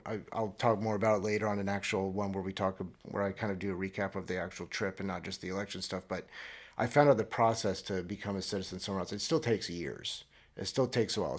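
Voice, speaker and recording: A man in his thirties from Florida, hosting a solo comedic podcast monologue in a sarcastic, deadpan, rambling way. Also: fairly low pitch. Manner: rambling with restarts, mock-earnest. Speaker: podcast host. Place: traveling abroad, recording alone.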